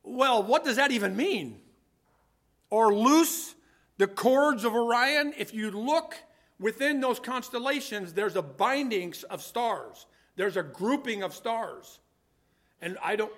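A man's voice: high-pitched, animated, unhurried, fairly bright tone. A man preaching a conversational sermon, thinking aloud as he explains scripture, with frequent restarts.

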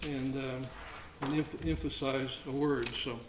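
A man leading an informal Bible study, reading scripture aloud between halting comments. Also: mid-range voice, flat delivery. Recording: roomy echo, faint background noise.

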